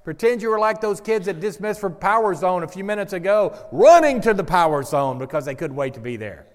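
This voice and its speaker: A man preaching a sermon to a congregation, telling jokes and stories in an animated way, drawing out words and raising his voice for emphasis. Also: high-pitched, fairly quick. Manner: animated storyteller, gets loud and drawn out for emphasis. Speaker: pastor. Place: church sanctuary with congregation. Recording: long hall reverb.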